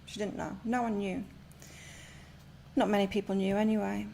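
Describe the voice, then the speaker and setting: A woman's voice: medium pitch, little pitch movement, moderate pace, creaky, mellow, slight background noise. A woman reading tarot and oracle cards on a live stream from her home, chatting and rambling as she gives spiritual advice. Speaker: tarot and oracle card reader.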